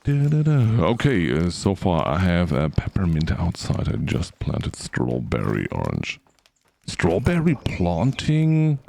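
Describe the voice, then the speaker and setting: Deep gravelly guy streaming a game, slow, talks to the npcs, bit of hiss behind. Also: very animated, darkish tone. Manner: chatty, talks to game characters, sings little sound effects. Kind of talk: casual gameplay commentary.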